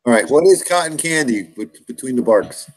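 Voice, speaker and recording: A man's voice: medium pitch, lively intonation, a little fast. An American man chatting casually and joking about words. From United States. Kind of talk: casual group chat. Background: dogs barking, birds.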